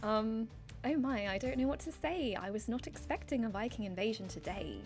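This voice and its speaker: A blushing, flustered village girl, as a woman puts her on in a game, stammering out her lines. The put-on British accent is broad and exaggerated, and the voice sits rather high. Soft music plays faintly underneath. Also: expressive, moderate pace. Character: flustered, blushing female village, secretly smitten.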